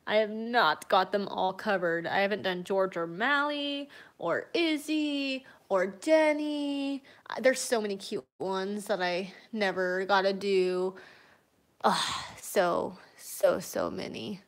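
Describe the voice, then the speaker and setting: A woman's voice: mid-range voice, lively intonation, slow. A woman hosting a casual live stream from home as a cat breeder, answering viewers' comments, laughing often and cooing baby talk at her cats.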